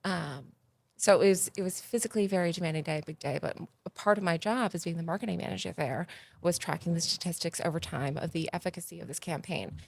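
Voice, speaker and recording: Gravelly-voiced woman telling lively stories. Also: on the low side, fast talker. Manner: animated, gets loud and excited retelling stories. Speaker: podcast guest, agency founder. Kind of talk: casual interview storytelling.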